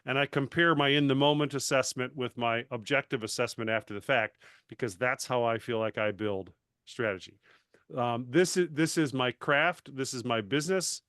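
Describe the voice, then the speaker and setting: A man and coach talking casually on a panel, animated and self-deprecating, often restarting his sentences. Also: mid-range voice, moderate pace, smooth, no room sound, studio quality. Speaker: master certified coach.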